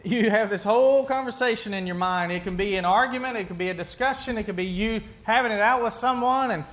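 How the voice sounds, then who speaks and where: High-voiced pastor preaching conversationally. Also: male voice, fairly bright tone. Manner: conversational, asks the congregation questions, restarts sentences. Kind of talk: sermon.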